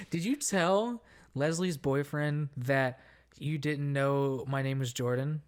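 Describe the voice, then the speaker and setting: A man's voice: on the high side, slow pace, clean tone. A man co-hosting a podcast in casual chat, bantering with lots of swearing and laughter. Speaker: podcast co-host.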